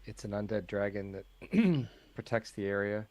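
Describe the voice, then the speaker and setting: A man playing a tabletop game, speaking in a relaxed, matter-of-fact way. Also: fairly low pitch, a little slow, dry recording, low-quality recording. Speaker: player.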